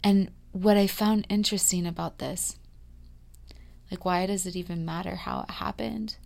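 A woman in her thirties hosting a podcast, talking through a rambling, confiding personal monologue full of fillers, dropping to a hush and then rising loud. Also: fairly low pitch, fairly even intonation, moderate pace, vocal fry. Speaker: podcast host.

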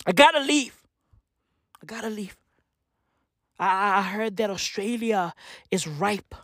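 A woman voicing a seductive, restless female cat burglar who drops into breathy whispers and meows. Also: medium pitch, a bit bright, dry recording, studio quality, full character voice.

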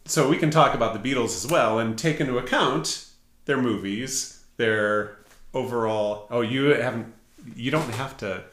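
A man's voice: mid-range voice, moderate pace, fairly bright tone. A middle-aged man co-hosting a podcast in casual chat, talking in a hesitant way with many fillers and restarts. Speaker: podcast co-host. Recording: echoey room.

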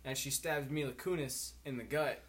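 A man's voice: medium pitch, steady tone, moderate pace, fairly bright tone. A drunk young man telling a rambling, profane story in casual chat with friends.

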